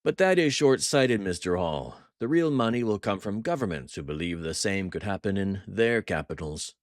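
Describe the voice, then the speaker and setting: Voiced by a man in a higher register, a middle-aged French crime boss gloats with dripping mock warmth. He sounds theatrical and pleased with his own cruelty. The audiobook sound is close and dry. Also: animated, normal speed, no room sound. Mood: gloating.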